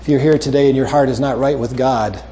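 A male preacher closing a sermon with a story, making earnest, repeated appeals and dropping soft and low for emphasis. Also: fairly even intonation, fast talker, slight background noise.

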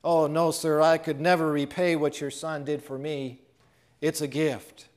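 A man voicing a humble young soldier who speaks in a slow, earnest way within a sermon story. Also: on the high side, flat delivery, a little mellow, natural voice.

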